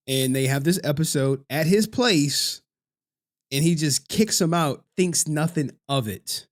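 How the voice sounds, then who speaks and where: A man's voice: fairly high pitch, animated, a little slow. A man commenting on a clip for his viewers, casual and joking, with plenty of slang.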